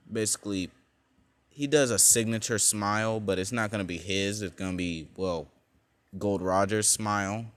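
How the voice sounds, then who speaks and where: Low, slow, rambling young man. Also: clean tone, no echo. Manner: rambling, many fillers and self-corrections. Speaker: storyteller. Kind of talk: casual fan storytelling.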